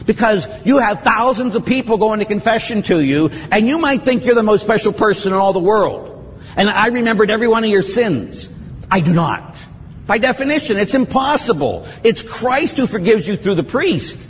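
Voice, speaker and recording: A middle-aged Catholic priest giving a conversational teaching on confession, acting out what penitents say in a lively, plain-spoken way. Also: male voice, high voice, moderate pace, big-room sound, slight background noise.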